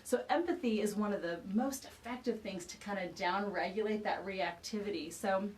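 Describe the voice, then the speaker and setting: A woman parenting expert explaining ideas through a lively personal anecdote in casual conversation. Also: mid-range voice, normal speed, distant mic, a little hiss or hum, poor audio. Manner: animated storyteller, acts out quoted dialogue. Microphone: video call.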